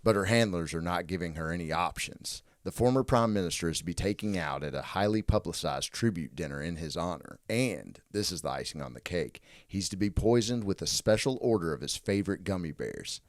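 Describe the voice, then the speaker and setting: Laughing, profane podcast host. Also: male voice, deep voice, animated, fairly quick, few pauses, no room sound, studio quality. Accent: Southern American. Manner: laughing, profane, self-interrupting. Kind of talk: casual comedic chat, reading a movie pitch.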